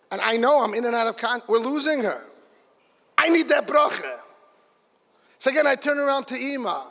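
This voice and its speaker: A man telling an animated story at a religious gathering, acting out the dialogue of the people in it. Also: high voice. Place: large hall. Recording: live hall with long reverb.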